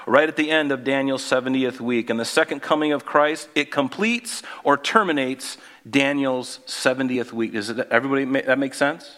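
At a moderate pace with hardly any pauses, a male pastor gives a conversational sermon. He questions his congregation and goes low and soft to stress key points.

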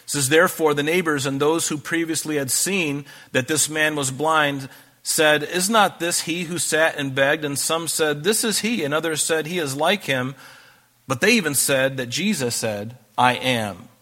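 A male pastor delivers a sermon, reading scripture passages aloud and then explaining them in a relaxed, conversational way. His voice is bright and forceful and sits a little high for a man. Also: normal speed.

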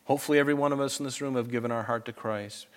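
A man's voice: mid-range voice, fairly even intonation, very fast. Male pastor preaching in church, earnest, mid-range voice, dynamic delivery. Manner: earnest, swings between loud urging and soft asides. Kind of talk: sermon. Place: church with congregation.

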